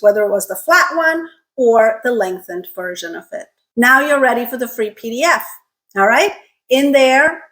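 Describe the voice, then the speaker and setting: A woman teaching an online pronunciation lesson, enunciating carefully, drilling sounds slowly and checking in with "okay?". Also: a little high, a bit bright.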